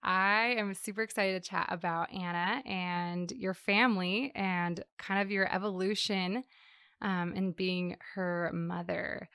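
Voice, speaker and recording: A woman's voice: lowish voice, steady tone, a little slow, fairly bright tone, smooth, no echo, clean studio sound. A woman hosting a casual interview podcast, enthusiastic and affirming, who laughs along with her guest. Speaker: podcast host.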